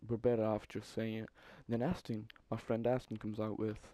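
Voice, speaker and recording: Profane young man, mellow tone. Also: lowish voice, brisk, no room sound. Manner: profane, animated retelling with exasperated asides. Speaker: vlogger. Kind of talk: casual storytelling.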